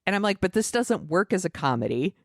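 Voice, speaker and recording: A woman's voice: lowish voice, sing-song, brisk, no echo, studio quality. A woman co-hosting a podcast in casual chat, talking freely, laughing often and acting out quotes. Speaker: podcast co-host.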